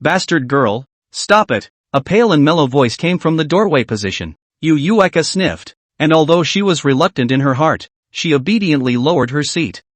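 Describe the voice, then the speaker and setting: Lively man narrating a story. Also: a little high, brisk, few pauses, no echo. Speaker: recap narrator.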